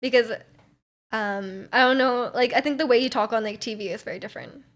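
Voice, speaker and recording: A woman's voice: fairly high pitch, fairly quick. A young woman from Canada, streaming and chatting casually while reading viewer messages, rambling with lots of fillers and giggly asides.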